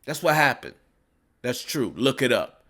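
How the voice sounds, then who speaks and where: A man's voice: medium pitch, very animated, measured pace, fairly bright tone. A man delivering a ranting commentary, mocking and scolding with insults. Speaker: commentary vlogger.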